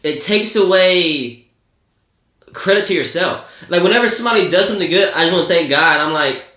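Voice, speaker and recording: A man's voice: high-pitched, brisk, sharp tone, roomy sound. A man co-hosting a podcast in casual chat, rambling and laughing as he swears freely. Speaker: podcast co-host.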